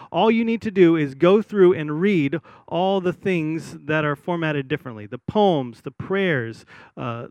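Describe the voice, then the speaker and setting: A man's voice: on the high side, no room sound. Man preaching a casual sermon. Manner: conversational, many fillers and restarts; reads scripture slowly and solemnly. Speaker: pastor.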